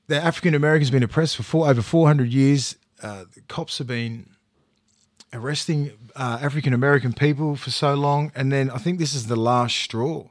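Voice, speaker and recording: Recorded dry in a studio, a podcast co-host with a fairly high-pitched voice chats casually and spins stories. He curses, starts sentences over and imitates what people said.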